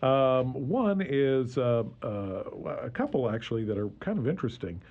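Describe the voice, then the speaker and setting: A man's voice: mid-range voice, very animated, phone-quality sound. A man guesting on a radio show, chatting about history with frequent laughs, fillers and restarts. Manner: chuckling, halting with many fillers. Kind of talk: casual radio chat.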